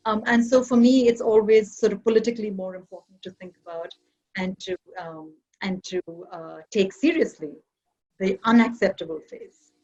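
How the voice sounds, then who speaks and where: A woman's voice: mid-range voice, normal speed, darkish tone, dull audio. A woman from Kerala, India, speaking on an online panel in a reflective, argumentative academic manner.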